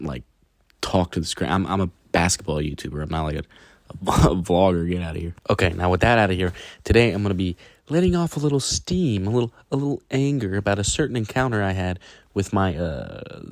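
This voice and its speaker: A man telling a storytime commentary as a basketball YouTuber, sarcastic and animated, often asking the viewer rhetorical questions. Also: low-pitched, dry recording, studio quality.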